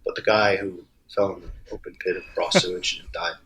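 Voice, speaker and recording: A man's voice: low-pitched, level tone, brisk, noisy background. A man with a New Jersey accent, a guest author telling a rambling story in casual podcast chat, laughing easily.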